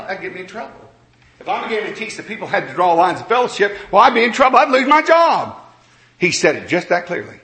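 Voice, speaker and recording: A man preaching a sermon in an earnest, conversational way, moving between quiet reflection and emphatic points. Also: on the high side, roomy sound.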